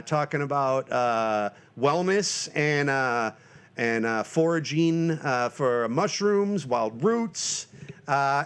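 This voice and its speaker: This is a solo podcast monologue by a man in his forties from Northern Michigan, US, rambling loosely and making fun of himself. Fillers and restarts come constantly, and he breaks into shrill, panicky shouts for comic effect.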